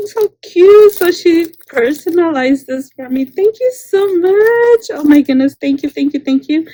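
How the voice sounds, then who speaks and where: A high-pitched woman in casual unboxing chat, her voice mellow and warm rather than bright. She gushes over each item, thanks the sender again and again, and swings between loud excitement and soft asides. The sound is dry and close, with little room around it. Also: no room sound. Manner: gushing, repeats exclamations, thanks the sender often. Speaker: craft channel host.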